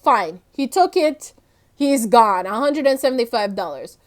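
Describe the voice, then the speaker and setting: Young woman vlogger, slightly high voice, loose rambling gameplay chatter with frequent laughs. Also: lively intonation, a little slow. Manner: chatty, rambling, often laughing and losing her thread. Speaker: gaming vlogger. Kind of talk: casual gameplay commentary.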